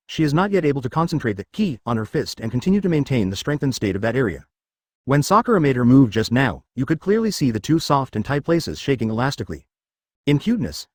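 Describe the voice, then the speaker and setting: Fast, dry machine-read male narrator. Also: mid-range voice, dry recording.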